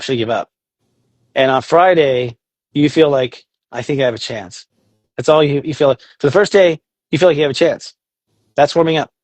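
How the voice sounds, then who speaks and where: A man with a fairly high voice talks in an animated, casual way, often slipping into quoted inner voices and the odd swear word. The sound is dry and close, with no room echo. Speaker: astrologer guest. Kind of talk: casual podcast chat.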